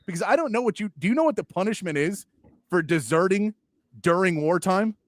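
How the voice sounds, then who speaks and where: A somewhat high-voiced man hosting a sports talk show in casual chat. He talks in an animated, mocking way and jumps into little acted bits. The sound is dry and close. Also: fairly quick, no echo. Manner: animated, mocking, acts out movie lines.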